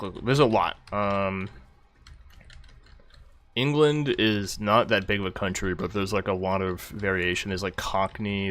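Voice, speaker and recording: A man's voice: fairly low pitch, fairly bright tone. A man streaming a game, rambling casually between gameplay remarks and answers to chat, often distracted and swearing.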